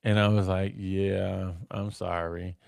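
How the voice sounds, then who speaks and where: A man's voice: low voice, flat delivery, slow pace, gravelly, darkish tone. Chatty man hosting a podcast. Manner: conversational, tags lines with "right?", chuckles at own stories. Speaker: podcast host. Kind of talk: casual storytelling on a live podcast.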